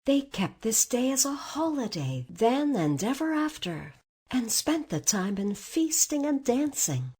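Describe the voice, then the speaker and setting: A woman narrating a storybook aloud in an expressive read-aloud manner. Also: fairly high pitch, unhurried, breathy edge.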